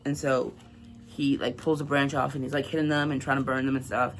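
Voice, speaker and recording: A man's voice: mid-range voice, level tone, fairly quick, fairly bright tone, a little hiss or hum. A man casually recapping a novel for a book vlog, reading passages aloud and chatting with lots of fillers. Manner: chatty, filler-heavy, laughs at grim scenes. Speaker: book vlogger.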